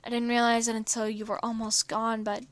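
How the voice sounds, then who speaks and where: Woman reading as anxious teen turtle boy, quiet and pleading, dry close sound. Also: fairly high pitch, completely flat delivery, brisk, no echo, natural voice. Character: teenage male mutant turtle, anxious and devoted.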